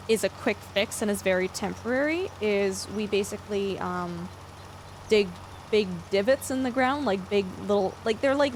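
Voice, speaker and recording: A woman's voice: medium pitch, a little hiss or hum. A woman live-streaming a farming game, casually chatting with viewers in a loose, rambling way full of fillers. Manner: chatty, loose, lots of fillers while answering chat. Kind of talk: casual live-stream chat while gaming.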